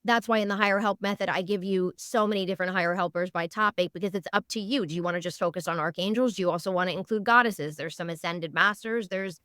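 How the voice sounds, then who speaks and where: Woman podcast guest, earnest storyteller, clear smooth tone. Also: medium pitch, fast talker, few pauses, no echo, clean studio sound. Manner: animated storyteller, lively and earnest. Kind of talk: casual interview chat.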